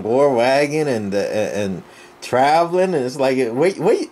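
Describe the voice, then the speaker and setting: A man's voice: mid-range voice, expressive, measured pace, a little mellow. A man on a CB radio chatting casually and agreeably with a friend. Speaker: CB radio operator. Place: on the air by CB radio.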